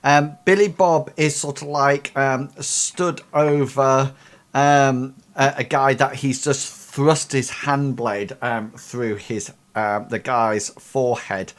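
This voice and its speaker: A man narrating as game master of a tabletop game, halting with frequent ums. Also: medium pitch, fairly even intonation. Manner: halting, many ums and uhs.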